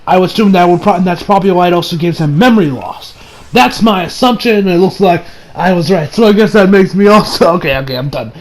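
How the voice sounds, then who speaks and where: A man's voice: high-pitched, lively intonation, fast, rough recording. A man giving a casual episode recap and review, rambling with many restarts and self-mocking asides. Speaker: anime reviewer.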